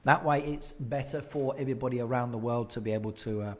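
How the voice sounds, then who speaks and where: A man's voice: mid-range voice, quick pace, a little mellow. A man chatting casually on a live game stream, answering viewer comments and laughing often into a desk microphone at home. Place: home streaming setup in Japan.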